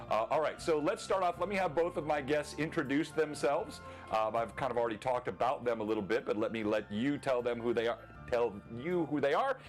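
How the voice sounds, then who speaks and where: A man's voice: medium pitch, brisk, faint music behind. A man hosting a live tabletop lore stream, chatting casually with many filler words and easy laughs.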